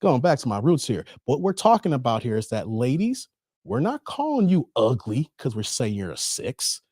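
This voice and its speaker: A man hosting his channel, giving passionate, profane, lecturing commentary on a livestream, swinging between loud bursts and muttered asides. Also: mid-range voice, sing-song, normal speed, husky, dry recording, clean studio sound. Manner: repeats the filler "here", swings between loud and quiet. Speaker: channel host reacting to a livestream.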